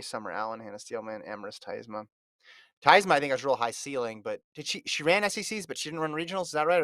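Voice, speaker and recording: A man's voice: mid-range voice, pushed and bright, no echo. A man hosting a casual sports chat, running a fantasy draft in a chatty, teasing way and reading out lists of picks.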